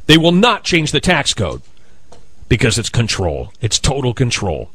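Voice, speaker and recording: A man hosting a talk radio show, ranting in a heated, combative way with sudden loud outbursts. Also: medium pitch, huge pitch swings, unhurried, husky. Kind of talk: opinionated talk radio rant.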